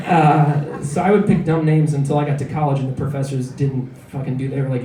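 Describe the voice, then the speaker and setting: A man's voice: mid-range voice, level tone, moderate pace, pauses often, dark tone, echoey room. A man in his thirties from Illinois doing a rambling, self-deprecating stand-up set full of filler words, recorded from far off in a comedy club. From Illinois, USA. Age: 30s.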